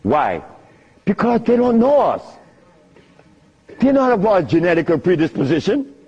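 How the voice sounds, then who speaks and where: An older man with a husky voice tells stories to an audience in an animated way, laughing often. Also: sits high, unhurried. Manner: animated, laughs often, sing-song emphasis. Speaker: speaker giving a talk. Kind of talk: storytelling lecture to an audience. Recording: dull lo-fi archive recording.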